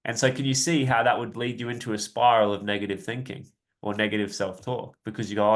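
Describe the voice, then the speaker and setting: A young man coaching viewers in a relaxed, rambling live talk, often tagging "right?" and laughing lightly now and then. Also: on the low side, fast talker. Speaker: self-help coach. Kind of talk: casual live-stream talk.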